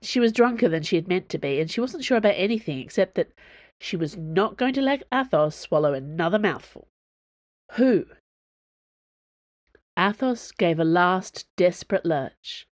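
A woman reads her own fiction aloud as host of her story podcast. Her voice sits a little low and the sound is close and dry. The reading is measured and expressive. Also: no echo. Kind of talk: storybook narration.

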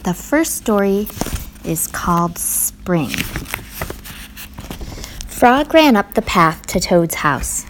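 A woman reading a children's story aloud to her nephews in a gentle, unhurried way. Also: medium pitch, very animated, noisy background.

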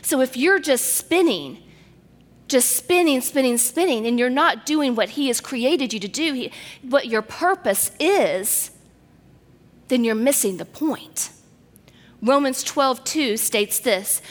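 A woman preaches with earnest storytelling, her voice pitched fairly high. She drops to soft near-whispers at the tender moments. Her words ring out with a long reverb in a large hall. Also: lively intonation, slow. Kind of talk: sermon with personal story.

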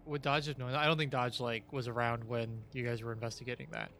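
A woman playing in a tabletop game, answering casually and quickly. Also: extremely low pitch, little pitch movement, a bit bright, a little hiss or hum. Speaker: player. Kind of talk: tabletop role-play.

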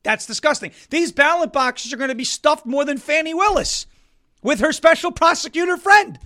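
A man hosting a political talk show, animated and sarcastic, with sudden loud emphatic bursts. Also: very high voice, normal speed. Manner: sarcastic, mocks opponents in put-on voices.

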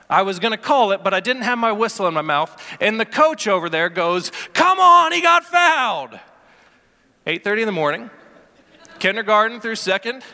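A male pastor in his thirties tells a story from the pulpit, self-deprecating and full of restarts. His voice sits high and bright. Long reverb from the sanctuary trails behind each phrase. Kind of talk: sermon. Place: church sanctuary.

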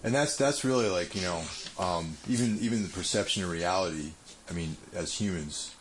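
Deep-voiced man musing in casual chat. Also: moderate pace, a little hiss or hum. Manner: musing, filler-heavy, philosophical.

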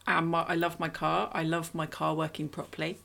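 Low, gravelly-voiced woman chatting. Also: level tone, fairly quick, a bit bright. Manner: chatty, self-mocking, rambling plot recaps. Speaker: podcast co-host reviewing a film. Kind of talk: casual chat.

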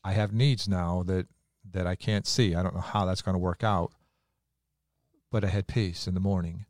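A pastor with a low voice talks through a personal story in an earnest, confessional way. The sound is dry and close, with no room around it. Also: male voice, fairly even intonation, normal speed, darkish tone, dry recording. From United States. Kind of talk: conversational faith talk.

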